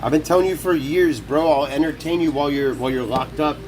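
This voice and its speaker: A young man live-streams on his phone from his kitchen, cooking while he talks in a rowdy, profane, casual way. His fairly high voice moves fast over a noisy background.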